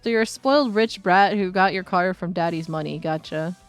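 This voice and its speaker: A woman voicing a dry, unflappable young man with a flat, sarcastic delivery over faint music. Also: on the low side, moderate pace, natural voice. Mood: deadpan.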